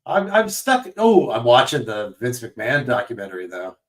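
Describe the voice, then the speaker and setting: A man co-hosting a podcast in casual chat, animated and self-mocking, often trailing off mid-sentence. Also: mid-range voice, moderate pace, recorded from a distance. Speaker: podcast co-host.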